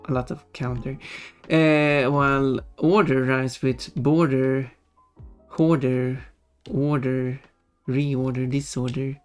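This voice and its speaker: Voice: mid-range voice, level tone, takes it slowly. A livestreamer chatting casually with viewers, musing aloud and laughing often. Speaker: livestreamer reading chat. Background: faint background music.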